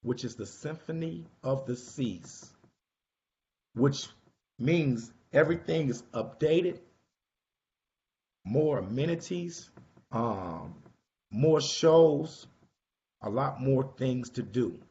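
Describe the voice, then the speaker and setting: A man's voice: medium pitch, lively intonation, slow, long pauses, a little mellow. A man organizing a group cruise, talking casually and directly to his online group, calling people by name and repeating his points. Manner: chatty, repeats himself, calls out people by name. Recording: slightly dull lo-fi recording.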